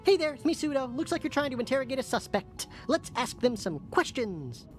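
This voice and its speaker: Game role: an upbeat helper program, high and lively, game music behind. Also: female voice, fairly quick. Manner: upbeat, chipper, helpful. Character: chirpy female detective-mode assistant program.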